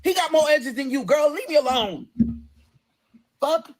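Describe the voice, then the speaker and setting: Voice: high-pitched, animated, measured pace. A person ranting on a livestream in a combative, profane, sassy way, straight into a phone.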